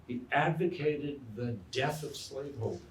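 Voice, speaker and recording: A man, a historian and biographer, answering audience questions in an animated, storytelling way and acting out quotes. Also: mid-range voice, moderate pace, slight background noise. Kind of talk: lecture Q&A answer. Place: lecture hall. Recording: echoey room, mic far off.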